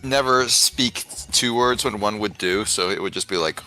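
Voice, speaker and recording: A man's voice: fairly low pitch, normal speed, sharp tone, soft background music, low-quality recording. A man hosting a casual let's play, laid back, swearing and filling with ums. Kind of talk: casual gaming commentary.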